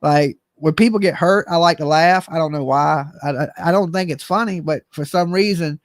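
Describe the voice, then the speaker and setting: A man's voice: fairly high pitch, normal speed, no echo, studio quality. A middle-aged man hosting a live stream, reading chat comments and joking in a goofy, self-mocking, slangy way.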